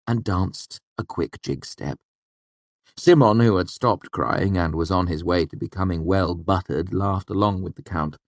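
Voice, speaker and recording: Brief: male audiobook narrator, lowish voice, expressive first-person reading, dry booth sound. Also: no room sound. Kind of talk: scripted narration.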